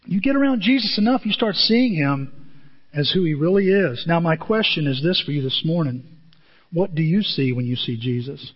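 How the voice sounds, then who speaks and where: High-voiced animated male pastor preaching. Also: normal speed. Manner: animated storytelling with sudden pitch jumps and asides. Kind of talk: sermon. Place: church auditorium. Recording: dull sound in a reverberant hall.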